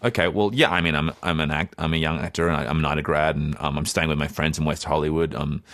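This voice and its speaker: A young Australian man with a low, deep voice tells a long, rambling story on a podcast. He keeps correcting himself and acts out what others said. The room is dry and close. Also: little pitch movement, quick pace, fairly bright tone, no echo. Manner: rambling, self-correcting, acts out quoted dialogue. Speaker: podcast co-host. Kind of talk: casual anecdote storytelling.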